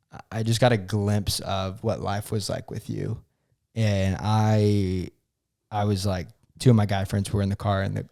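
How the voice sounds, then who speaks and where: A man's voice: on the low side, gravelly, a little mellow. A young man co-hosting a podcast, telling a story earnestly and emotionally, with many fillers and restarts. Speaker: podcast co-host. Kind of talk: casual chat.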